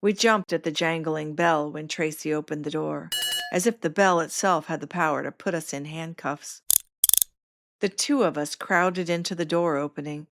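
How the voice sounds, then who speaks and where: A woman narrates her own memoir in the first person, as the host of her podcast. Her voice sits low, and she keeps a wry, self-mocking humor as she tells it. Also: moderate pace, vocal fry, noisy background.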